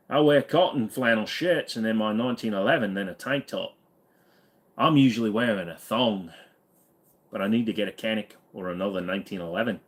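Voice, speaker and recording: A man's voice: lowish voice, fairly quick. A man hosting a casual livestream, reading chat and rambling with jokes and fillers. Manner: rambling and joking, many fillers. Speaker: livestream host.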